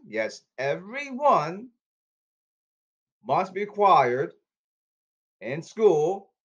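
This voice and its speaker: Insistent man rambling to camera. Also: high-pitched. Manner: repetitive, insistent, restarts often.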